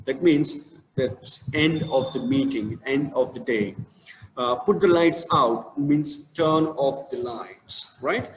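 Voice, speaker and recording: A man with an Indian English accent teaching an English literature class, with many fillers and restarts. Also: mid-range voice. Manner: slow stressed reading of verse. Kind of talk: online lecture. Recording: echoey room with long reverb, faint noise.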